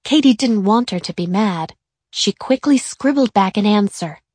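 In a clear, even storytelling voice of middle pitch and normal speed, a woman narrates a children's chapter book. The recording is close and dry, with no echo.

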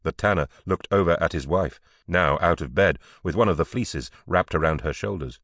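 A man narrating an unabridged audiobook in a measured, clear storytelling manner. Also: sits low, a bit bright, dry recording, studio quality. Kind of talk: scripted narration.

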